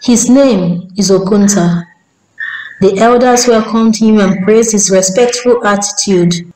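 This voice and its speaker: Woman narrator, folk tale, steady and measured, mellow dark tone, mid pitch. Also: rough recording. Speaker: storyteller. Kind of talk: scripted story narration.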